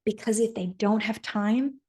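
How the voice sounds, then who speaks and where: A woman's voice: medium pitch, unhurried, darkish tone, husky. A woman podcast host telling a personal story in an earnest coaching manner, often checking in with "right?".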